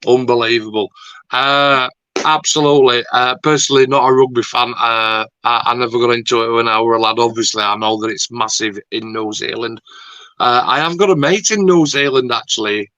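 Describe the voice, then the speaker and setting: A rambling, chatty man hosts a casual talk. His voice is bright and forceful, recorded close and dry with a dull, lo-fi tone. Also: mid-range voice, steady tone, a little fast, no room sound. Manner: chatty, rambling, swears lightly. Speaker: YouTube host. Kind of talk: casual chat.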